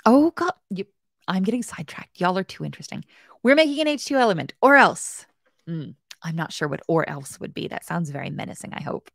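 A woman teaching a casual live-stream coding tutorial. Her pitch swings all over the place, and her voice has a gravelly fry to it. She is chatty, playful and self-mocking, and she talks straight to chat viewers in a dry, close sound. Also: big pitch swings, quick pace, no room sound. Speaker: web development bootcamp host.

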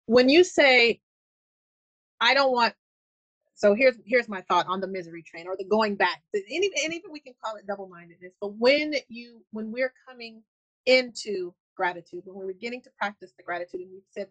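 A woman's voice: medium pitch, expressive, a little fast, fairly bright tone, dry recording, low-quality recording. A woman co-hosting a faith-based talk show, speaking earnestly and rambling through her thoughts. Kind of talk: casual faith-based conversation.

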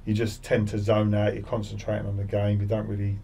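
A man's voice: on the low side, monotone, a little fast, creaky, mellow, recorded from a distance, a little hiss or hum. A man in his forties, a former footballer, chatting as a podcast guest with many restarts and repeated words. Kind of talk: casual interview chat.

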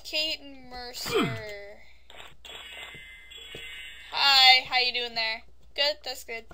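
A woman giving casual let's-play commentary into a desk microphone, chatty and prone to sudden yelps and yelling at the game. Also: high voice, steady tone, unhurried, a little hiss or hum. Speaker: gaming YouTuber.

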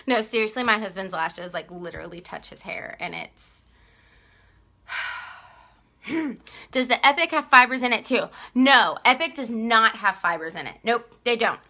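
Bright, chatty Texan woman selling makeup. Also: fairly high pitch, expressive, unhurried, pauses often. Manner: chatty, laughs often, greets viewers by name. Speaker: live-stream makeup seller. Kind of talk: casual live-stream sales chat.

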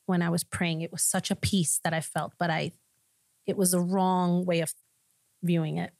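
A woman with a fairly low voice tells her story as a pastor on a podcast. She tells it with animated storytelling, and her voice is recorded close and dry. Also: normal speed, creaky, no echo. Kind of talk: personal testimony in podcast conversation.

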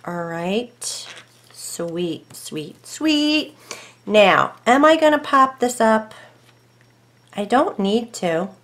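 At home, a woman runs a casual crafting tutorial, talking to herself and her dogs, weighing each choice aloud and sometimes slipping into soft murmurs. Her voice is slightly high, animated and slow.

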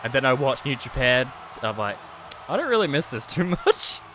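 A man giving live stream commentary on a wrestling video game, excitable, swearing and laughing often, swinging between yelling and muttering. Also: medium pitch, normal speed, soft background music.

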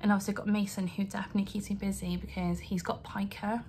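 A woman's voice: mid-range voice, flat delivery, fast talker, a little mellow, slight background noise. A young adult woman speaking earnestly to camera from her home, rambling and apologetic as she talks through her feelings. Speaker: vlogger. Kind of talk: emotional vlog rant to camera. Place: home, indoors.

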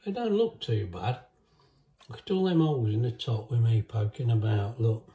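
A man's voice: mid-range voice, animated, normal speed, mellow. A man chatting casually in his home cooking vlog, talking to himself as he tastes a cake. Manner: chatty, self-talking, talks with mouth full.

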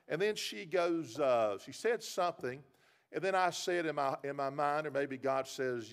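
Folksy gravelly preacher. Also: male voice, on the high side, lively intonation, moderate pace. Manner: folksy storytelling, repeats words. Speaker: pastor. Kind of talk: sermon. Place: church.

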